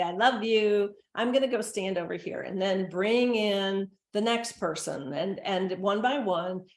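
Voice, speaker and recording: A recorded presentation for caregivers features a middle-aged dementia care consultant speaking earnestly and conversationally in a mid-range voice. She acts out gentle lines of quoted speech, and the sound is reverberant.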